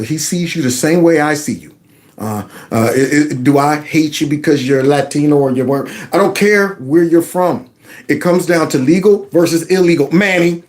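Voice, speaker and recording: A man whose voice sits on the high side, a little mellow, hosts a livestream for his political commentary channel. Responding to the clips he plays, he's mocking and sarcastic.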